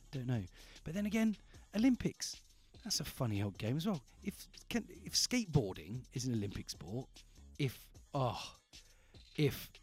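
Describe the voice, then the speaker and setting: A man's voice: a little high, darkish tone. Rambling, playful male radio host. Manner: rambling and playful, often restarting his sentences. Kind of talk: casual radio chat.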